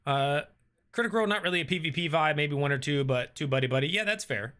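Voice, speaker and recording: A man's voice: a little high, animated, fast, bright, forceful tone. A man hosting a casual livestream, reading viewer comments aloud and answering them with lots of ums and uhs. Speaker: streamer reading live chat.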